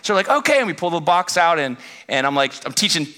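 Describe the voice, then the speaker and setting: A man's voice: a little high, sing-song, fast, bright, forceful tone. A man in his thirties, a pastor telling a self-deprecating story in his sermon, acting out his exasperation in bursts.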